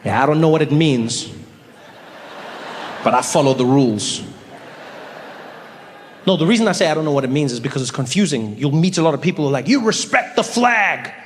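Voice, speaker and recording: A man's voice: mid-range voice, a little fast, pauses often, darkish tone, big-room sound, a little hiss or hum. A man doing stand-up comedy, telling stories animatedly and asking rhetorical questions. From South Africa. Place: comedy stage before a live audience.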